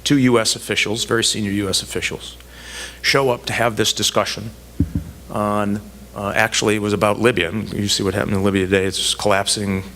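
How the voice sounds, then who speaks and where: A man's voice: fairly low pitch, level tone, brisk, a bit bright, slight background noise. A man giving a public speech about foreign policy, telling stories with humorous asides and building his point through repeated emphatic phrases. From United States. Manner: storytelling with asides and self-deprecating humor.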